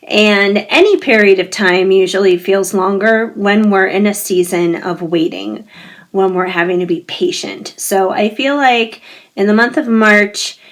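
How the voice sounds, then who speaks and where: A woman giving a pick-a-card tarot reading, gentle and reassuring, talking straight to her viewers while her voice keeps fading and she often clears her throat. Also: mid-range voice, unhurried. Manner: gentle, musing, reassuring, speaks directly to viewers.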